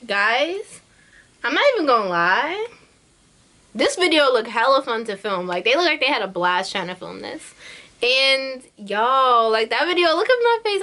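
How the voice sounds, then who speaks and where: A woman's voice: sits high, pushed and bright. A young woman in her twenties chatting casually in a reaction vlog, bubbly and full of slang, laughing often. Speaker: YouTube reaction vlogger.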